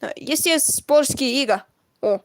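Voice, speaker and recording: Woman streaming her comic drawing, kinda high voice, rambly, keeps coughing. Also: lively intonation, a little slow. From Russia. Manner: rambling, self-correcting, frequent coughs. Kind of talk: casual live-stream chat while drawing.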